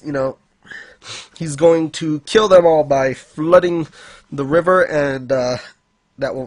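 A man's voice: medium pitch, dry recording. A man casually recapping manga chapters on a podcast, rambling with fillers and frequent laughs. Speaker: podcast co-host.

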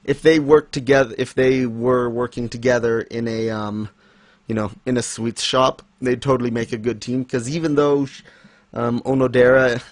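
A man's voice: medium pitch, steady tone, normal speed, no echo. A man hosting a casual manga chat, rambling with fillers and light laughs. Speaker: podcast host.

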